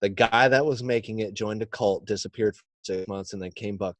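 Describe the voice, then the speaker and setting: A man's voice: on the low side, a little fast, no echo. A man telling a story as a podcast guest, swearing freely and acting out the quotes. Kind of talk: casual storytelling.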